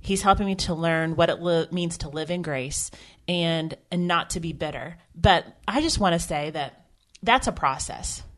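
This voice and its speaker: A woman's voice: fairly low pitch, normal speed, hardly any pauses. A woman co-hosting a podcast, talking earnestly and emotionally about faith, with frequent restarts. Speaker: podcast co-host. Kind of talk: candid faith podcast conversation.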